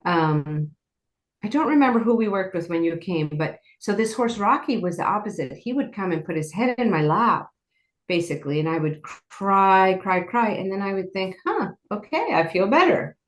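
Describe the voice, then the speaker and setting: A woman's voice: medium pitch, animated, normal speed. A woman guest telling personal stories in an earnest, rambling way, often saying "like.". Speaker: guest, horse program founder. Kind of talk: personal storytelling in interview. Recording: roomy echo.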